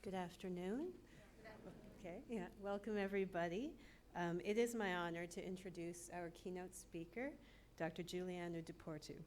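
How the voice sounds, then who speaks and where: A woman department chair giving a formal, slightly halting introduction of a keynote speaker into a podium mic. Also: on the low side, steady tone, darkish tone, a little hiss or hum.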